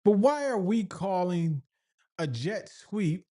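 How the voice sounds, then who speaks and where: A man commentating as a football fan rants in exasperation, firing off rhetorical questions and repeating himself. His high voice is warm, with big pitch swings, and he speaks slowly.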